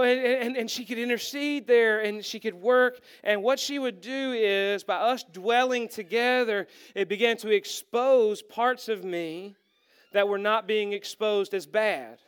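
A middle-aged pastor delivers a sermon in a very high-pitched, smooth voice. He's animated and pokes fun at himself, acting out the quoted lines in his stories.

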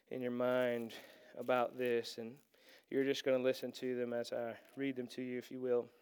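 Preaching as a pastor, this middle-aged man has a smooth, mid-range voice. He tells stories with lively, self-deprecating energy and performs the lines he quotes.

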